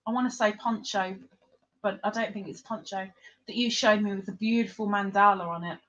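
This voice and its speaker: A woman's voice: mid-range voice, steady tone, fairly quick, fairly bright tone, dull audio. A woman hosting a casual livestream, chatting and giggling in a rambling, teasing way. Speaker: livestream host.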